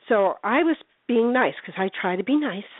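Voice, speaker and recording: An older woman, a paranormal investigator, telling ghost stories in a chatty, animated way during a phone interview, putting on voices for the people in them. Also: on the high side, normal speed, dry recording. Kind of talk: casual phone interview storytelling. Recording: tinny phone line.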